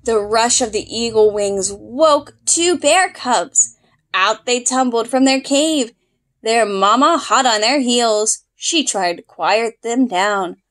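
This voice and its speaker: Slow, playful storybook-reading woman. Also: fairly high pitch, animated, fairly bright tone. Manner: playful sound effects. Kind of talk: reading a picture book aloud.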